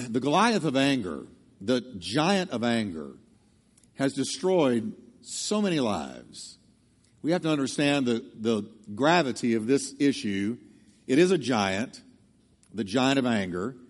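A man's voice: mid-range voice, big pitch swings, unhurried, big-room sound. A male pastor preaching a sermon emphatically, drawing the congregation into call-and-response. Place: church sanctuary.

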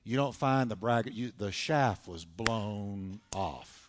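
In a church with long hall reverb, a pastor preaches a dramatic, emphatic sermon, retelling scripture stories. His voice is lowish and animated, and he speaks at a slow pace.

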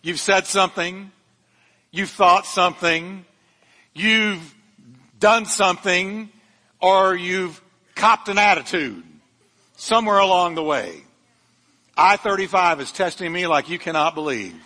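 A man's voice: sits high, unhurried, long pauses, bright, forceful tone, in a large hall. A male pastor preaching a sermon, fervent and emphatic, with humorous asides to his congregation. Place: church sanctuary.

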